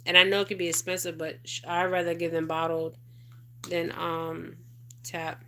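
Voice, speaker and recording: A woman's voice: on the low side, monotone, normal speed, pushed and bright, a little hiss or hum. A middle-aged woman hosting a casual livestream, reading viewer comments and rambling with lots of "okay?" and "you guys". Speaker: spiritual advisor livestream host.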